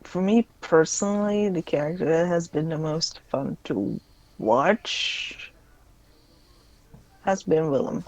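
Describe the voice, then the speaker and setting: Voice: medium pitch, takes it slowly, long pauses, a little mellow. Playful young adult player chatting. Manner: playful, laughs often. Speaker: guest player. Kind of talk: casual stream chat.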